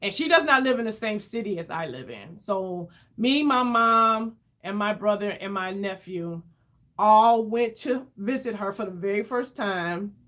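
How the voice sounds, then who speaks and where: A woman telling an emotional story to her viewers in a casual, animated way, calling them y'all and acting out what others said. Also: medium pitch, measured pace. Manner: animated, addresses viewers as y'all, acts out quoted voices. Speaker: vlogger.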